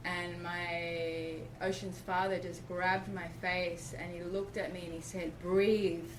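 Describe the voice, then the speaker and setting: A middle-aged woman from Australia telling a personal story in an interview, animated and acting out what people said. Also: on the low side, a little slow. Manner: animated, acts out quoted speech. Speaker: interview guest. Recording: roomy, distant mic, background noise.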